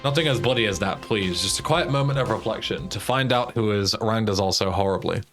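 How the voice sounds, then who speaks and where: A man's voice: on the low side, a little fast, fairly bright tone, soft background music. A man voicing a formal, overly well-spoken security chief for a gang boss.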